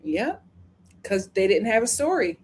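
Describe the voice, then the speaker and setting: A woman hosting a casual live-stream review, chatting and reading viewer comments with dramatic, animated retelling. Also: mid-range voice, unhurried, a little hiss or hum.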